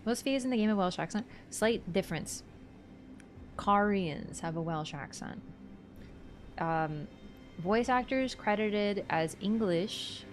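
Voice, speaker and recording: Low-voiced woman streamer thinking aloud. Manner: thinks aloud and answers chat. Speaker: game streamer. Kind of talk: casual livestream lore commentary.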